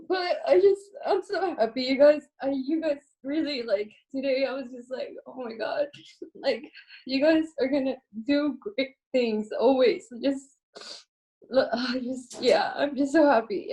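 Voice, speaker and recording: A young woman on a video call, choked up and tearful, giving a halting thank-you speech. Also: high-pitched, a little mellow, poor audio. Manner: halting, repeats herself. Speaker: program participant.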